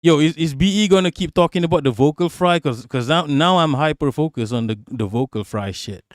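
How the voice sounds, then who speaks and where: Male streamer, loud mocking profane rant, fairly high voice, dead dry sound. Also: a little fast, no room sound.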